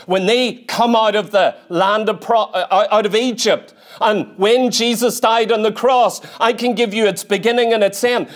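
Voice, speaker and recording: A man preaches a sermon in a church, his voice high for a man. He drives his points home emphatically, with repeated rhetorical questions and insistent repetition.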